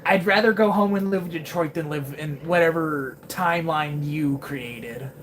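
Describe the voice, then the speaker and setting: A woman's voice: deep voice, moderate pace, a little hiss or hum, pitched below the performer's own voice, close to an everyday voice. A woman voicing a laid-back, stoned male hedgehog from a ruined future, talking in a lazy slacker drawl.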